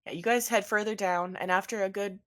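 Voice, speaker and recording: A woman's voice: medium pitch, steady tone, a little fast. A woman narrating as game master of a tabletop game, chatty with many fillers.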